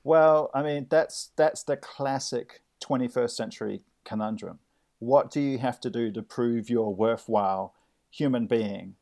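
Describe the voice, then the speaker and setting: A man rambles through improvised comic banter in an even, mid-range voice. His delivery is deadpan and stop-start, with plenty of restarts along the way. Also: medium pitch, measured pace, vocal fry. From New Zealand. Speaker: comedy correspondent.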